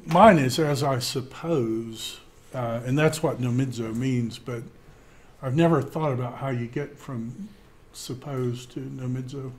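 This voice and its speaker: Slow-talking man teaching Greek. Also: mid-range voice. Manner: slow, thinking aloud with many fillers. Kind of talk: classroom Greek lesson.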